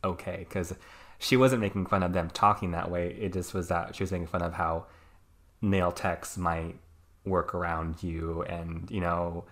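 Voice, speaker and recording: A man's voice: deep voice, level tone, moderate pace, fairly bright tone. A young man hosting a podcast, talking things over casually with many fillers and hedges. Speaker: podcast host. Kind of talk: casual conversation.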